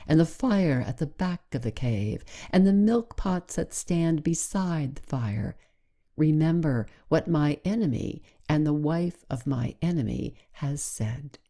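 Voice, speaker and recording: A woman's voice: deep voice, lively intonation, a little slow, dark tone, exaggerated voice. A woman doing a proud, cunning wild cat. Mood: coaxing.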